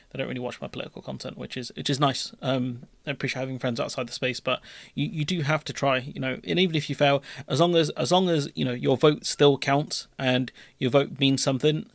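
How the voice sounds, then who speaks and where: A man's voice: mid-range voice, gravelly, no echo. A young man chatting casually on a live political stream, rambling with restarts and offhand swearing.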